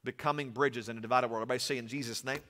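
A male pastor delivers an animated sermon, mixing jokes with earnest points and moving from loud to hushed. His voice is bright and forceful. It rings with the long reverb of a church sanctuary. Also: medium pitch, very fast, slight background noise. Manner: animated preaching with humorous asides, swings from loud to soft.

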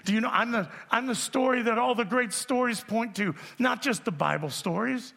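Gravelly high-voiced pastor in his sixties. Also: moderate pace, hardly any pauses. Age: 60s. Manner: animated storytelling, jokes with the audience. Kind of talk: sermon. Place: church auditorium. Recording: long reverb of a large hall.

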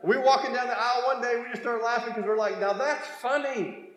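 A man's voice: extremely high pitch, fast talker. A man, a guest speaker at a church, telling funny stories with slides and acting out the voices in his punchlines. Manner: animated storytelling with quoted voices and punchlines. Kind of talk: comedic talk with slides. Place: large church sanctuary. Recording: echoey hall, faint noise.

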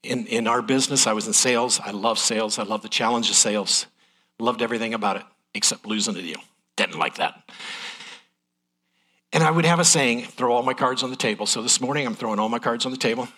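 A man's voice: medium pitch, brisk, pushed and bright, slightly rough. A middle-aged man preaching a sermon in a folksy, candid, emotional way. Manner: folksy, transparent, emotional delivery.

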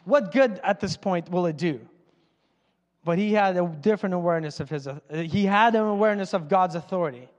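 A man preaching a sermon as a pastor, animated and acting out voices from the story. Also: sits high, fairly quick, muffled recording. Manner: animated, acts out quoted voices. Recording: long hall reverb.

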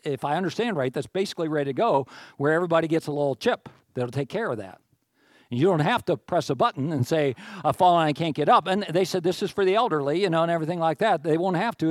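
A male pastor preaches in a casual, conversational way, full of humble asides. His voice climbs and grows louder when he drives a point home. The sound is dry and close, with no room echo. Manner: informal, earnest, with self-deprecating asides; rises in pitch and volume when stressing a point. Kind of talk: conversational sermon.

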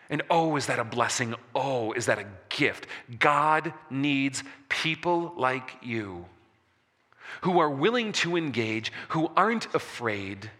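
Man, pastor, sermon, slow deliberate pace, lively swooping pitch, church hall reverb. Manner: animated preaching, slows for emphasis, drops soft on key words. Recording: long reverb of a large hall.

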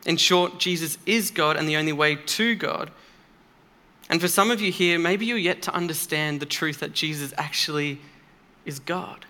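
A man's voice: a little high, normal speed, pushed and bright. A man preaching a sermon in a church, earnest and emphatic, speaking conversationally with occasional fillers.

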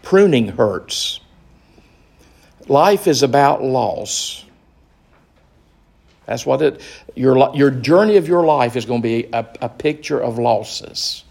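A man leading a Bible study as pastor, speaking slowly and earnestly with restarts. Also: medium pitch, expressive, creaky, darkish tone. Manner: slow, earnest, with fillers and restarts.

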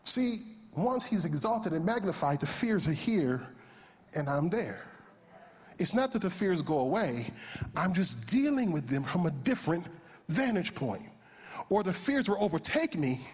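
Animated preacher man in a reverberant hall. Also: sits high, a little slow, husky. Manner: animated, swings from hushed to shouting. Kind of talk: sermon.

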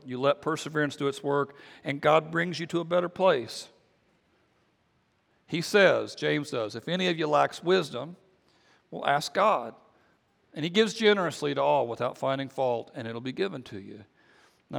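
A man, a pastor, preaching a sermon in a relaxed conversational way, often restarting and repeating his words. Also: on the high side, creaky, long reverb tail. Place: church sanctuary.

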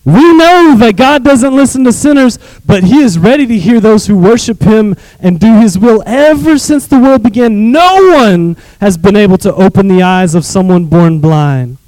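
A man's voice: high-pitched, lively intonation, normal speed, hardly any pauses, darkish tone, no echo, voice pushed up, rough recording. A man voicing a formerly blind man who insists he was healed, speaking emphatically and drawing out his words. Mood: insistent.

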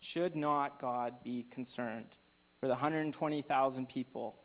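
A man delivering a sermon in a relaxed, conversational way, often pausing on an "uh" and restarting a phrase. His voice sits at an ordinary middle pitch, and he lifts it when he reads scripture aloud. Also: low-quality recording. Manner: conversational preaching with frequent fillers and restarts. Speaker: pastor.

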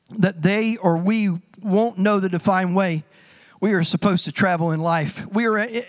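A middle-aged pastor with a high voice preaches a sermon. He's animated and funny, telling stories and adding sound effects.

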